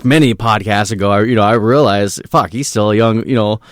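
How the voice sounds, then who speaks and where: A man's voice: fairly low pitch, steady tone, brisk, no echo, studio quality. A man co-hosting a podcast in casual chat, blunt and joking, swearing freely. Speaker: podcast co-host.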